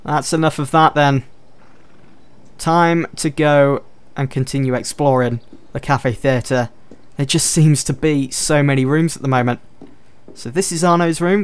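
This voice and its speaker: A man's voice: medium pitch, clean tone. Chatty man narrating gameplay. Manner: chatty, thinking aloud while exploring. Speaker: gameplay commentator. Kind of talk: casual let's-play commentary.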